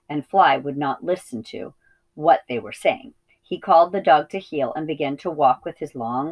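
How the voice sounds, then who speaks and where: A woman reading a children's novel aloud as a teacher, steady with small slips and self-corrections. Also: sits low, rough recording. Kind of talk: storybook read-aloud.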